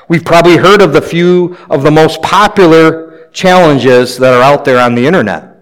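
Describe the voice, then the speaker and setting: Male pastor, slightly high voice, easygoing sermon delivery with gentle jokes. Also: rough recording. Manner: conversational preaching with light humor.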